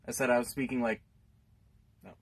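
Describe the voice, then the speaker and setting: A man's voice: mid-range voice, little pitch movement, a little fast, vocal fry, very noisy. An older man, rambling wryly to a stranger on a bus in a dry comic monologue. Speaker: bus passenger.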